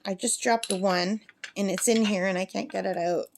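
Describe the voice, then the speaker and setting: Over a noisy background, a woman speaks at a moderate pace in a steady, medium-pitched voice with some vocal fry. In her crafting vlog, filmed at her summer camp with a talking parrot, she chats and rambles, reading numbers aloud while working.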